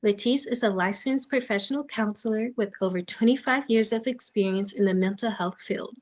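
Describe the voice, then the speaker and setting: A woman's voice: medium pitch, a little fast. A woman presenter reading a formal, upbeat introduction of the next speaker on a video call.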